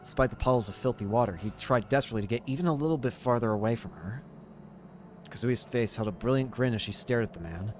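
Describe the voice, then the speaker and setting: A man's voice: mid-range voice, soft background music. A young man playing a visual novel, reading its narration aloud and reacting casually. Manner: casual, reacting with quick exclamations. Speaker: game streamer.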